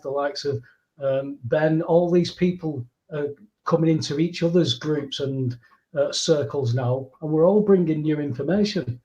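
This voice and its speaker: A man's voice: fairly high pitch, darkish tone, poor audio. A man, a guest on a casual show, chatting in a digressive way with many fillers. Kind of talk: casual chat.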